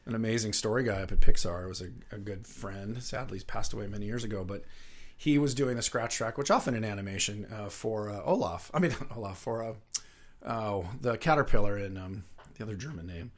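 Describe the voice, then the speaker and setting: A middle-aged man who is a guest on an interview show, telling rambling, lively anecdotes and laughing often. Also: on the low side, a little fast. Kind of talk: casual anecdotal storytelling.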